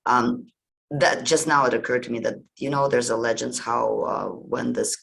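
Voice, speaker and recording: Gravelly man retelling myths casually. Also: mid-range voice, fairly even intonation, normal speed, a bit bright, poor audio. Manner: conversational, meandering retelling. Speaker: podcast host. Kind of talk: casual storytelling.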